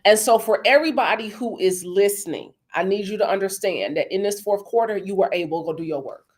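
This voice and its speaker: A woman hosting a motivational talk, speaking emphatically and with lots of repetition, calling her listeners y'all and baby, and softening her voice when she acts out conversations. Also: medium pitch, a little fast. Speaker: host.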